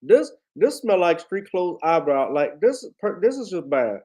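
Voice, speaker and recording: A man's voice: sits high, sing-song, a little slow, a little mellow, full character voice. A man doing a mocking impression of a male athlete speaking as a rambling surgeon.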